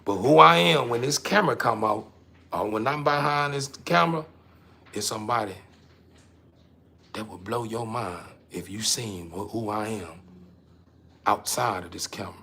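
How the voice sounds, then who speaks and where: A man hosting his own show, delivering a casual, emphatic monologue to the camera that he keeps repeating himself through, swinging between loud and quiet. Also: lowish voice, normal speed, vocal fry, pauses often, breathy edge.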